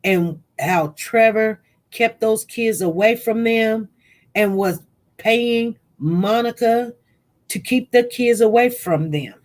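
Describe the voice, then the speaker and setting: A woman hosting a casual online talk show, chatting relaxed with a caller. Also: fairly high pitch, slow. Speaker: host.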